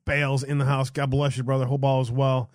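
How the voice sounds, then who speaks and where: A man hosting a call-in show, talking loosely and casually, often halting and swearing. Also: medium pitch, monotone, dry recording, studio quality. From United States. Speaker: host.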